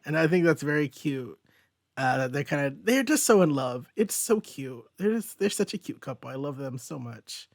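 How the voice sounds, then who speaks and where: A man's voice: on the high side, expressive, normal speed, creaky, no room sound, studio quality. A man hosting a casual comic book review chat, rambling and thinking aloud as he goes. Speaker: host.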